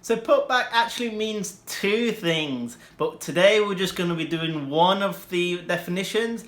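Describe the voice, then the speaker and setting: A young man explains vocabulary to learners in a bright, slightly high voice. He slows right down for his example sentences and hurries through the asides. The room around him rings with echo. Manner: slow, deliberate example sentences with bursts of quick asides. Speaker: English teacher.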